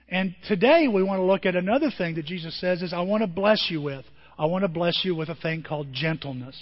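A man preaching a sermon as pastor, talking in a conversational, animated way with acted-out quotes. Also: sits high, quick pace, few pauses. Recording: dull lo-fi with long reverb.

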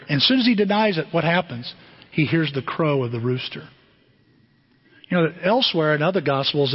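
A middle-aged man preaching a sermon as pastor, animated and conversational, often asking the congregation questions. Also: on the high side, slightly rough. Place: church sanctuary. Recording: dull, muffled sermon recording with long hall reverb.

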